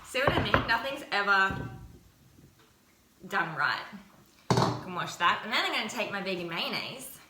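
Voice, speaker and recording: A young woman in her home kitchen chats through a recipe in a casual, self-mocking way, quick to giggle. Her voice sits at an ordinary middle pitch. The kitchen gives it a roomy echo, and steady background noise runs underneath. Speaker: cooking vlogger. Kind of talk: casual cooking chat.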